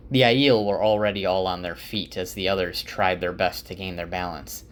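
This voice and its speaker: A man's voice: low-pitched, steady tone, moderate pace. A man giving a casual spoken summary of a book, full of fillers like "like" and "uh".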